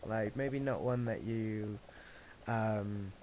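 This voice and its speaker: A man hosting a casual gaming Q&A while playing, friendly and quick to laugh. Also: lowish voice, a little mellow. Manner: friendly, laughs often, asks questions. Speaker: host of a gaming Q&A series. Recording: hissy home mic recording.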